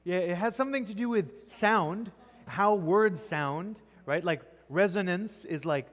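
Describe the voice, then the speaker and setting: A man's voice: sits high, a little slow, fairly bright tone. A man teaching a class on poetry in a church classroom. He keeps quizzing the students and ends nearly every point with "right?". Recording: long echoing reverb.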